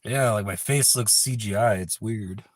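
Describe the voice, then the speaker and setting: A man's voice: fairly low pitch, normal speed, dry recording. A man hosting a livestream in casual chat, laid-back, rambling and profane. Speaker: livestream host.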